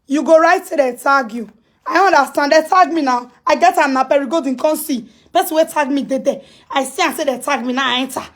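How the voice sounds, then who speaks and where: On a phone live stream, a Nigerian social media personality with a Pidgin English accent delivers ranting commentary in a piercing, very high voice. She speaks a little fast, scolding and lecturing with emphasis, hammering phrases repeatedly and breaking into shouts.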